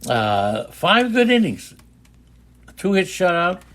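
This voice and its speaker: An older man with a high-pitched voice, co-hosting a casual fantasy baseball chat, teasing and rambling with fillers. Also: big pitch swings, takes it slowly, fairly bright tone. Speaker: podcast co-host.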